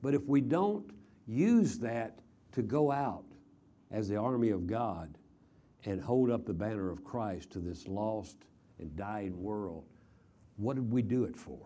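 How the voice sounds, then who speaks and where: A man's voice: lowish voice, lively intonation, measured pace, warm tone. An older man from Texas preaching a chapel sermon, telling stories in a folksy way with frequent fillers and repeated words. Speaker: traveling preacher.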